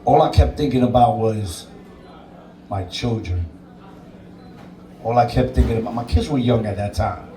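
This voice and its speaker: As an interview guest, a DJ with a warm, lowish voice speaks at normal speed and pauses often, sharing his own story in a blunt, emphatic way with plenty of swearing. He's far from the mic in a roomy space, and there's a little hiss or hum.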